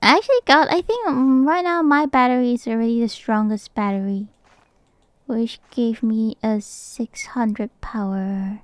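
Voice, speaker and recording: A woman's voice: fairly high pitch, a little slow, dry recording. A woman streamer, not a native English speaker, chatting playfully and laughing often while she comments on a game. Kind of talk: casual gaming commentary.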